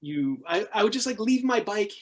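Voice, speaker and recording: A man in his thirties, a podcast guest casually telling adventure travel stories, laughing often and acting out the people he quotes. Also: normal speed. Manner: animated, laughing, acts out quoted people with jumps in pitch. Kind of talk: casual storytelling interview.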